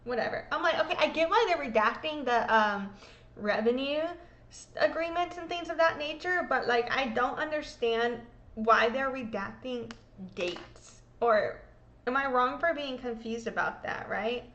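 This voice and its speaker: A woman's voice: high-pitched, measured pace, fairly bright tone, dull audio. A woman hosting a show, reading court exhibits aloud in casual commentary, swearing freely and mocking herself. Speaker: host. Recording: echoey room.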